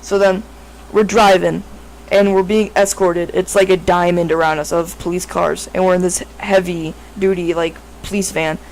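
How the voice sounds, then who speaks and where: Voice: medium pitch, little pitch movement, moderate pace, a little hiss or hum, rough recording. A speaker telling a made-up story in a casual, improvised way, rambling with lots of fillers and frequent self-corrections.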